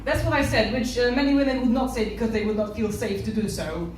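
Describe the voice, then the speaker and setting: A woman's voice: on the high side, fast talker, noisy background. A woman from Poland with a Polish accent, doing a stand-up comedy set and acting out other people's lines as she tells stories. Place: comedy club stage. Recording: echoey room from far off.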